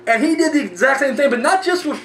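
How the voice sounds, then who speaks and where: Fast and animated, this man's very high-pitched, fairly bright voice carries a horror movie review show he hosts. He rambles and rants with plenty of profanity and frequent restarts. There's a roomy, distant-mic quality to the recording and a faint hum.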